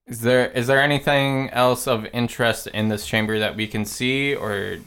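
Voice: medium pitch, steady tone, normal speed, a bit bright, clean tone. A player in a tabletop role-playing game, cautious and practical in questions. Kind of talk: casual tabletop play.

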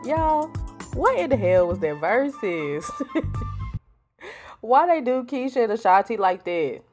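A woman's voice: a little high, very animated, slow, darkish tone, faint music behind. A woman hosting a solo podcast, talking in a blunt, sassy, profane casual way. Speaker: podcast host. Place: home, with a storm outside.

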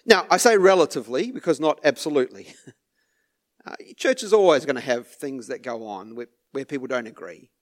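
A man preaching a sermon to his church, unhurried, with small laughs and repeated words. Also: medium pitch, lively intonation. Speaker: pastor.

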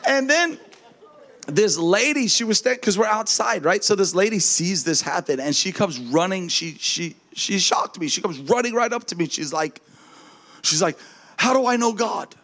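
A man preaching as a minister, telling a lively testimony story and acting out the voices of the people in it, often with a laugh. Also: high-pitched, moderate pace. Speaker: traveling minister.

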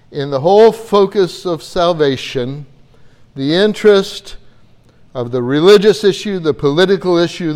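A man's voice: fairly high pitch, darkish tone. A man preaching a Bible-teaching sermon in an earnest way, often repeating words as he gathers his thoughts.

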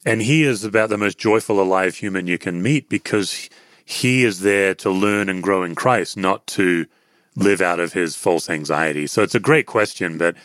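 A man's voice: low voice, normal speed, a bit bright, no echo, clean studio sound. An Australian man, a podcast guest and author, answering interview questions in an earnest, reflective, pastoral way.

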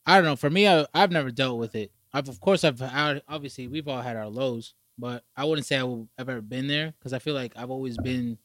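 A man's voice: medium pitch, brisk, few pauses, fairly bright tone, no room sound, clean studio sound. A man in casual podcast chat, loose and profane, often restarting his sentences.

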